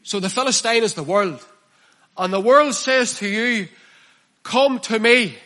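A man preaching a sermon, reading scripture aloud and expounding it with passion, his voice dropping hushed and then rising loud. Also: sits high, normal speed. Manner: impassioned, swinging from hushed to loud.

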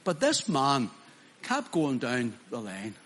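A man's voice: medium pitch, huge pitch swings, slow, fairly bright tone. A man preaching a sermon in an emphatic way, acting out quoted voices with mocking asides.

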